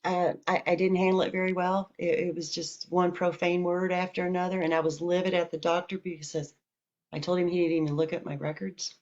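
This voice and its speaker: A woman with a lower voice tells her own story over a dull, lo-fi recording. She talks casually and frankly. She acts out the people in the story as she goes. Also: fairly quick. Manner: candid, animated retelling with quoted dialogue. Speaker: podcast host telling her story. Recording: dull lo-fi audio.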